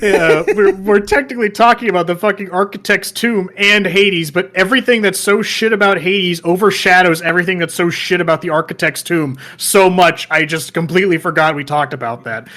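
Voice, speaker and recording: Man, podcast co-host, casual chat, high voice, bright tone, profane ranting. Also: fairly quick, hardly any pauses. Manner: ranting, profane, laughs often.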